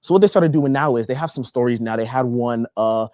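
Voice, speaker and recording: A young man from Texas doing stand-up comedy, telling a story in an animated, profane way. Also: medium pitch, brisk, no echo, clean studio sound. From Texas, USA. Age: young adult.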